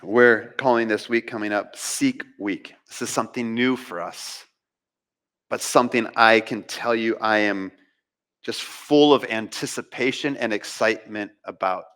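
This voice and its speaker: A pastor preaching a sermon from the pulpit, impassioned, with dramatic rises and drops in his voice. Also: fairly bright tone. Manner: impassioned preaching with dramatic pitch swings and pauses. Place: church sanctuary.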